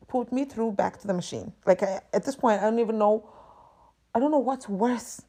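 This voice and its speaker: A woman's voice: medium pitch, normal speed, mellow. A woman hosting a podcast, delivering an exasperated, profane and emphatic ranting monologue. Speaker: podcast host.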